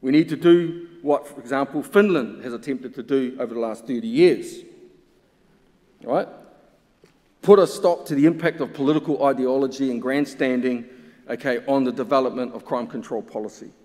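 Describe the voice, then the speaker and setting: A man's voice: medium pitch, moderate pace, a little mellow. Impassioned New man in a hall. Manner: impassioned and emphatic, with pointed rhetorical questions. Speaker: researcher and symposium speaker. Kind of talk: conference talk. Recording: long hall reverb.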